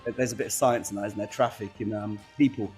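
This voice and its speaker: A man's voice: lowish voice, fairly even intonation, fast talker, darkish tone, faint music behind. A young man co-hosting a school radio show in casual chat. He laughs often and restarts his sentences.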